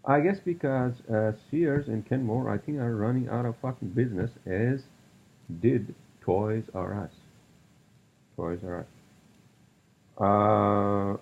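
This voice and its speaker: Gravelly, husky man ranting on a podcast. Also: fairly low pitch, a little mellow, muffled recording. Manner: profane ranting, rambling with many fillers. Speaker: podcast host. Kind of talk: solo podcast monologue.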